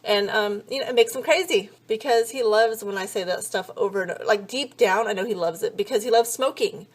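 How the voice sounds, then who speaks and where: A woman's voice: mid-range voice, fairly quick. A woman in her thirties vlogging, telling funny stories in a chatty, sarcastic way, swearing freely and acting out both sides of each conversation. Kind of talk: casual comedic storytelling.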